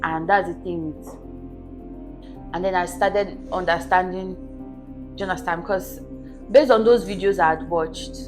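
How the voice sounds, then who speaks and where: Earnest woman in a relaxed interview. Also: lowish voice, measured pace, pauses often, soft background music. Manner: earnest, keeps checking in with "do you understand?". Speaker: podcast guest. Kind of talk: casual interview storytelling.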